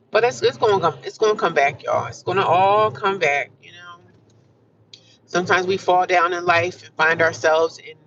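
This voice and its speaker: A woman's voice: fairly low pitch, fairly bright tone, distant mic, lo-fi sound, a little hiss or hum. A middle-aged woman chatting casually while driving, upbeat and full of affirmations, calling her viewers "honey" and "child.". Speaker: vlogger livestreaming from her car. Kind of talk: casual chat.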